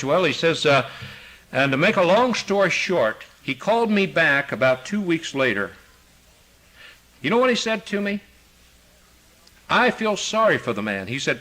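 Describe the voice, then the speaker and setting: An older man preaching a sermon, forcefully retelling conversations as a pastor. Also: big pitch swings, normal speed, long pauses, low-quality recording. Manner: forceful preaching, retells phone calls with raised pitch.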